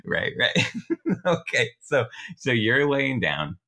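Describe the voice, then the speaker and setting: A man's voice: medium pitch, very animated, slow pace, bright, forceful tone. A man running an improvised story game as game master, asking playful leading questions.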